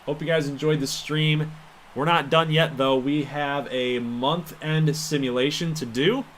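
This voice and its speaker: A young man hosts a live stream of a baseball video game, commenting on plays and stats in a casual, excitable way. His voice is bright and forward. He trash-talks the players and suddenly breaks into loud outbursts. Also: a little high, unhurried, a little hiss or hum. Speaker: gaming streamer and league host.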